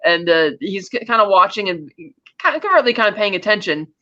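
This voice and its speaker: A woman's voice: mid-range voice, sing-song, brisk, bright, forceful tone. A woman co-hosting a podcast, casually retelling a film's plot in a chatty way. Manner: chatty storytelling, acts out film dialogue. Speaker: podcast co-host. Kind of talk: casual film-recap chat. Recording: dull lo-fi mic.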